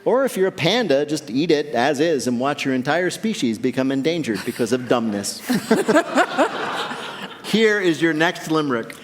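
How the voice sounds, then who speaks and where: A man's voice: on the high side, expressive, moderate pace, noisy background. A man hosting a comic news quiz, joking and laughing at his own lines before a live audience. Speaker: quiz show host. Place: theater stage. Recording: live theater with long reverb and audience.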